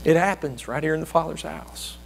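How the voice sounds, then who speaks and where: High-voiced preacher mimicking whiny voices. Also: male voice, fairly quick, gravelly, a little hiss or hum. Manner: acts out whiny self-righteous voices, rising high when mimicking. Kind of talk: sermon.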